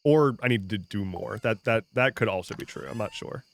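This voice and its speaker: Live-streaming a farming game, a man with a lowish, creaky voice talks a little fast to his chat in a casual, joking way. He rambles between tangents, often restarts his sentences and swears now and then. Slight background noise is present.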